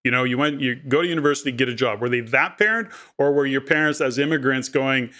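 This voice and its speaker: A man's voice: mid-range voice, brisk, few pauses, a bit bright. A man who hosts a podcast and asks long, thoughtful questions full of "you know". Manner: thoughtful, rambling questions with many fillers. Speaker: podcast host. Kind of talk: interview questions.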